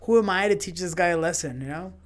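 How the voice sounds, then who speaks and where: A man talks on a podcast as a guest, casually recounting a run-in at his gym. He tells it in a lively way, slipping into the voices of the people he quotes. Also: high voice, quick pace. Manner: animated storyteller who acts out quoted exchanges. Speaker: podcast guest, jiu-jitsu gym owner and coach.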